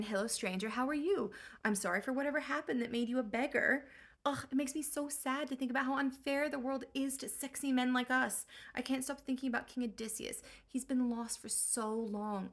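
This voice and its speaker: A woman's voice: a little high, fairly bright tone. A woman doing a goofy flirty cowherd bro. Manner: rambling, slangy, flirty.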